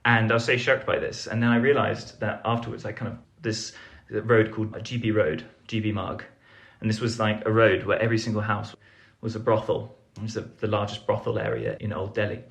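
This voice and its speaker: Chatty young man, lowish voice. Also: little pitch movement, fairly quick, creaky, hardly any pauses. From England. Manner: rambling, self-deprecating, lots of fillers and restarts. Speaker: podcast guest, foreign correspondent. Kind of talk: casual storytelling interview.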